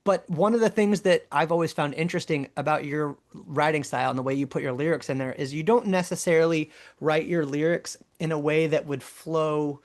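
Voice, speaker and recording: A man's voice: on the high side, a little fast, hardly any pauses. A man co-hosting a casual podcast, musing and analysing song lyrics with enthusiasm. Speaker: podcast co-host, band member. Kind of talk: casual album discussion.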